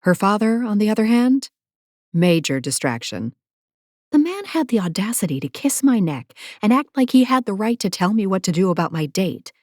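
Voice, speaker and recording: A woman's voice: medium pitch, sing-song, normal speed, a little mellow, no room sound, studio quality. Sassy woman narrating romance. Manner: sassy, playful asides, breathy whispers in intimate moments. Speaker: audiobook narrator. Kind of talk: first-person romance narration. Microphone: close studio mic.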